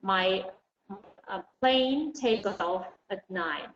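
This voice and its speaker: A woman teaching an online English lesson. She explains patiently and slowly, with many fillers. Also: mid-range voice, animated. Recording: dull roomy recording, faint noise.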